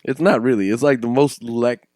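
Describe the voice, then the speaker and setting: Laid-back man, mid-pitched, laughing often. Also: normal speed, darkish tone, no room sound, clean studio sound. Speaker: podcast co-host. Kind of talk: casual chat.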